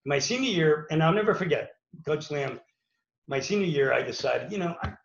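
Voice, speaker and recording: Gravelly man telling stories in an echoey room. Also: fairly high pitch, expressive, normal speed. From Pittsburgh, USA. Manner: rambling, many fillers and restarts. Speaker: former college wrestler telling his story. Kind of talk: casual spoken storytelling. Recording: echoey room, dull lo-fi sound.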